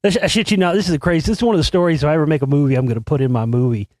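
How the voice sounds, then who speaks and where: Cocky foul-mouthed guy spinning a party story, kinda high voice, dry close sound. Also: very fast, no echo. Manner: crude, swaggering, heavy swearing; acts out quotes with sudden loud high outbursts. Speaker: show host. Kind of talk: profane storytelling monologue.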